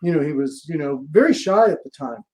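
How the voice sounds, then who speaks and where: A man's voice: fairly high pitch, fairly quick. A man guest in an interview, telling stories and acting out the voices of the people in them. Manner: lively anecdotes that act out quoted voices. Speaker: guest, sports agent. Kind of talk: interview storytelling.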